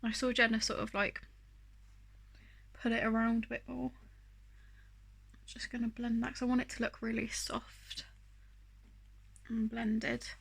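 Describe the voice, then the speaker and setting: A chatty woman talks her way through a makeup tutorial, wandering off-track and poking fun at herself. Her voice sits a little high and rings bright and forward. She fills her pauses with easy "um"s. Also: level tone, vocal fry, breathy edge. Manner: chatty, self-deprecating, rambling with fillers. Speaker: beauty vlogger. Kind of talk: casual makeup tutorial chat.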